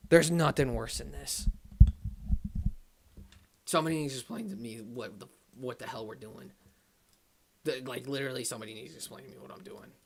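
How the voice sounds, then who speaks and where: A young man hosting a live watch-party stream, reading chat aloud and ranting, swinging between loud outbursts and low muttered asides. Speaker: livestream host.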